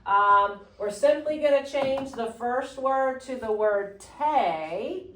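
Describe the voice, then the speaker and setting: A woman teaching a Spanish class, slowly modeling phrases for students to repeat. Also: high voice, lively intonation, a bit bright, slight background noise. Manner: patient, slow modeling of phrases. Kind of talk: classroom lesson. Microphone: phone camera propped on a water bottle. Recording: echoey classroom.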